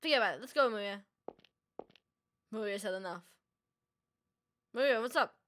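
A woman's voice: mid-range voice, animated, moderate pace, a bit bright, a little hiss or hum. A young woman playing a game on video, chatting, reacting and reading the characters' lines aloud. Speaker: let's play gamer. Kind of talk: casual gameplay commentary reading dialogue aloud.

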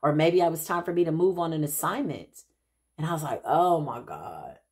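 A woman giving a casual spiritual reading, telling stories in an animated, chatty way and calling her listeners child and honey. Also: sits low. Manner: quick asides and restarts, laughs at herself. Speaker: intuitive spiritual reader.

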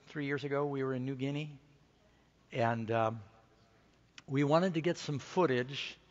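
A middle-aged man preaching a conference sermon, telling a story and rising to excited, emphatic peaks. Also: medium pitch, muffled recording. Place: large conference hall stage.

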